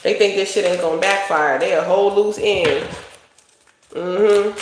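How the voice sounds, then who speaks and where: A woman's voice: fairly low pitch, measured pace. Blunt, cursing woman psychic reader; casual livestream delivery; heavy room echo, faint hiss. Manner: blunt, profane, rambling. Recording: very echoey room, faint noise.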